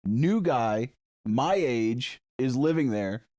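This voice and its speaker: A man in his thirties chatting on a podcast, telling animated stories with lots of acted-out quotes. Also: medium pitch, slow pace, dry recording, clean studio sound. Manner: animated storytelling with frequent laughs and acted-out quotes. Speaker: podcast co-host. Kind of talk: casual chat.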